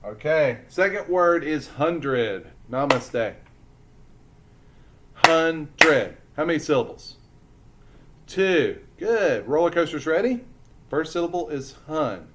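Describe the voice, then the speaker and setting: A man teaching a lesson to young children, speaking slowly and deliberately as he sounds out letters and syllables. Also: a little high, lively intonation, background noise.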